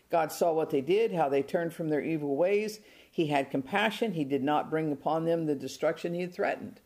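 A man's voice: high voice, a little mellow. A man preaching a sermon, reading scripture and retelling it with folksy, self-deprecating asides.

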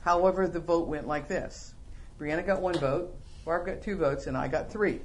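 A middle-aged man giving a sermon-style Bible lesson, animated and joking, full of rhetorical questions. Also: on the high side, moderate pace, a little hiss or hum. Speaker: Bible class teacher.

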